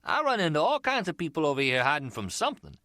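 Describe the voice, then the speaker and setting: A man's voice: on the high side, huge pitch swings, fast talker, pushed and bright, dry recording, clean studio sound, pitched above the performer's own voice, heavily acted. Man doing a slangy streetwise hustler. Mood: chatty. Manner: slangy, chatty, teasing. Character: slick streetwise male umbrella hustler, middle-aged, easygoing.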